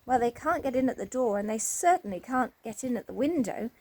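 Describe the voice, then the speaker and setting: A woman voicing Moonface, a bossy, decided magical man, in a storybook reading, speaking firmly and briskly. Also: a little high, expressive, a little mellow. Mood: defiant. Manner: firm and brisk.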